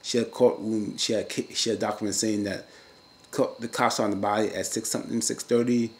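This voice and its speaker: A man casually recapping a TV episode in a slangy, rambling way, breaking into loud, high-pitched rants now and then. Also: flat delivery, a little fast. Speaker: TV recap vlogger.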